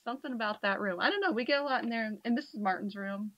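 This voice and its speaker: A woman guest on a radio show, animated and laughing often, with hiccups, telling paranormal stories in casual chat. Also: mid-range voice, quick pace, no echo, dull audio.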